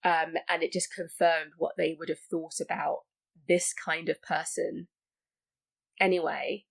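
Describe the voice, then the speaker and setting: A woman's voice: low-pitched, flat delivery, unhurried, creaky. A woman talking casually about a film as a podcast guest, full of likes and restarts. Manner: chatty, many likes and restarts.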